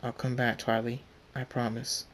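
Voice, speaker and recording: A man's voice: medium pitch, level tone, a bit bright, a little hiss or hum, natural voice. A man reading as a male pony hero with hidden rage. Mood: earnest. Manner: plain reading voice, slow.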